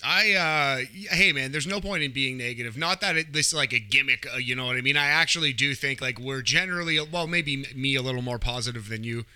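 A man's voice: medium pitch, quick pace, few pauses, sharp tone, clear, resonant tone, no echo. A man from Canada co-hosting a podcast in casual chat, upbeat and rambling, with frequent restarts. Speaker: podcast co-host.

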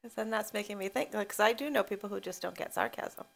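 A young woman co-hosting a podcast, chatting casually and softly. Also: medium pitch, quick pace, gravelly. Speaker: podcast co-host. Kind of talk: casual chat.

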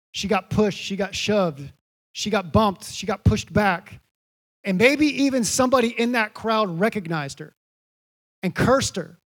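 A man preaching a sermon as pastor, repeating key phrases and building each point to an emphatic peak. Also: high-pitched. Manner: earnest, building to emphatic peaks.

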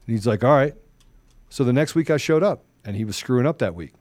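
A middle-aged man co-hosting a talk show, telling a story in quoted dialogue and turning low and soft when serious. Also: animated, fast, no echo. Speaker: show co-host. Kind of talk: conversational storytelling.

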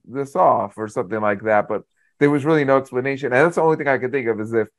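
Male podcast co-host, mid-pitched, thoughtful and casual. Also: fast talker. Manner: thoughtful, talks through theories. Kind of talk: casual movie discussion.

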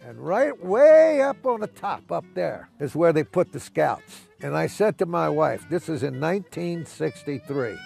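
A man's voice: fairly high pitch, very animated, a little slow, gravelly, few pauses, a little mellow, soft background music. A former baseball manager reminiscing casually, a folksy storyteller who acts out the voices in his anecdotes.

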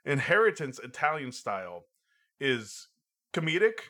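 A man chatting casually about a movie, halting and restarting often with lots of fillers. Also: medium pitch, big pitch swings, bright, forceful tone. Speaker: podcast co-host. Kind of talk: casual film review chat.

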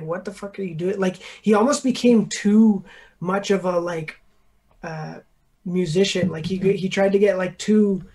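A young man, a beat producer, explaining his process in casual chat, rambling and filling every pause with "like". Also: high voice, darkish tone. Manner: rambling, filler-heavy, says "like" constantly.

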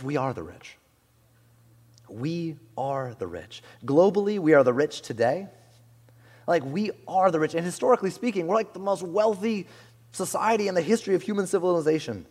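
A male pastor preaching in a casual, conversational way, peppered with "like" and "you know". His voice sits a bit high and moves a lot, rising and falling with emphasis. Long reverb from the hall trails behind him. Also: animated, normal speed, darkish tone, husky. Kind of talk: sermon.

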